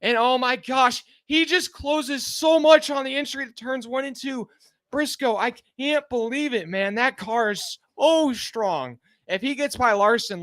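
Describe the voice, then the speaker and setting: A man live-streaming a car race, giving excited, anxious fan play-by-play and pleading with the drivers, sounding out of breath. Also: very high-pitched, no echo, clean studio sound.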